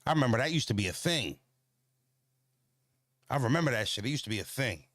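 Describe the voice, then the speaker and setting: A man's voice: mid-range voice, lively intonation, brisk, fairly bright tone, no echo, studio quality. Blunt, profane man rambling on a walk. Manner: blunt and profane, rambling with many fillers and repeated phrases; talks back to viewer comments. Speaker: channel host. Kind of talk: casual walking livestream chat.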